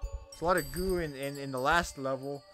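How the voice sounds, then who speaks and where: A young man giving loud, cursing let's-play commentary, yelling at monsters as his voice grows hoarse. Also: on the high side, fairly even intonation, normal speed, faint music behind. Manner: loud, swearing, talks to the monsters. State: voice getting hoarse. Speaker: gamer.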